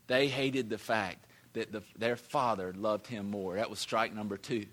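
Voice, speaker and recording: A man's voice: fairly low pitch, steady tone, a little slow, fairly bright tone. A man, a pastor preaching a sermon in a conversational, emphatic way that often repeats words.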